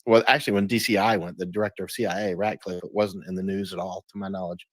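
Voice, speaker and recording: A man's voice: low-pitched, steady tone, fast, no echo. A man talking as an interview guest, emphatic, often restarting and repeating words. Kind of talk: casual interview talk.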